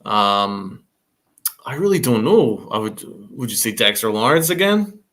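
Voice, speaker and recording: A young man co-hosting a casual sports chat, with a middle-pitched everyday voice. He hesitates with frequent ums as he turns questions over to his partner. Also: very animated, a little slow, fairly bright tone. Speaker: podcast co-host.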